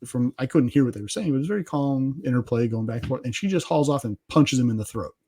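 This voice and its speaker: A man's voice: mid-range voice, fast talker, mellow, husky. A middle-aged man, a podcast guest, telling self-deprecating family stories in a casual interview, often laughing as he talks.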